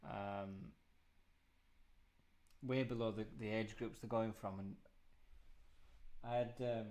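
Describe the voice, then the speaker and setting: A man's voice: fairly low pitch, fairly even intonation, takes it slowly, darkish tone. Teasing man in his thirties. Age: 30s. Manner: teasing, laughs often, rambling anecdotes. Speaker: host. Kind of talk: casual chat on a video call. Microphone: video call.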